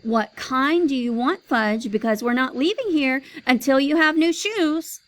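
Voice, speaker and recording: A woman reading aloud as a fretful storybook mom, coaxing one moment and firm the next, her voice lively and gravelly. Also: high voice, unhurried, exaggerated voice, poor audio. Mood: fussy. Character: fussy, fretful mother of two boys.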